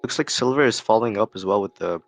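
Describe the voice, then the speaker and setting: Male co-host, relaxed slow chat, very low voice, faint music behind. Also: no room sound. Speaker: co-host on a trading stream. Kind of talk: casual chat.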